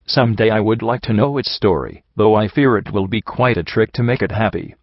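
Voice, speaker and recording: A man voicing a gentle, wise female zebra storyteller, a mother, in a measured, formal, gently teasing way, in a fan audiobook reading. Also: on the low side, breathy edge, no room sound. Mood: thoughtful. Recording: dry, slightly muffled lo-fi recording.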